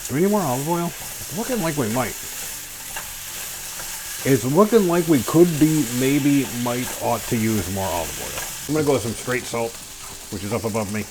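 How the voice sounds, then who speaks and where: A man's voice: mid-range voice, lively intonation, fairly quick, noisy background. A man chatting casually to himself while cooking in a small home kitchen, goofy and full of silly sound effects.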